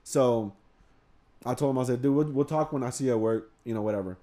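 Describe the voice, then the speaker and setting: A man's voice: mid-range voice, fast talker, dark tone. Rambling, profane man telling a story. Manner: rambling, swears freely, acts out quotes. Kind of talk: casual storytelling among friends.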